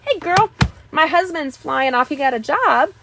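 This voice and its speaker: A woman's voice: high-pitched, moderate pace, gravelly, noisy background. Chatty woman hosting a craft stream. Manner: chatty, greets viewers, enthusiastic asides. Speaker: craft channel host. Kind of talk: casual live-stream craft demo.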